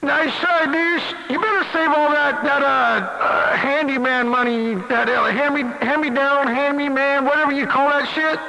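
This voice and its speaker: A man's voice: extremely high pitch, fairly even intonation, normal speed, hardly any pauses. A man on a CB radio channel, mocking and swearing at another operator between bursts of laughter. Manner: mocking, profane, laughing taunts. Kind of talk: on-air radio banter. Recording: hissy CB radio with long reverb.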